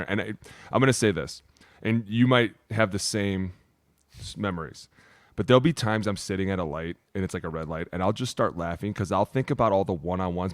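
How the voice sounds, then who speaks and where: A former lineman co-hosts a podcast, spinning loose, crude locker-room stories in a relaxed way. His voice sits on the low side, and the recording is dry and close. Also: no room sound. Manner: laid-back, crude joking. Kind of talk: casual storytelling chat.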